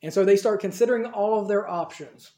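Mellow-voiced man preaching in a roomy hall. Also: sits high, brisk. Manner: conversational, acts out dialogue in the retelling. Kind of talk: storytelling sermon. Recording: roomy echo.

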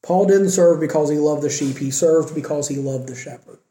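A man's voice: a little high, moderate pace, mellow, echoey room. A man preaching a sermon in an earnest, conversational way with rising emphasis.

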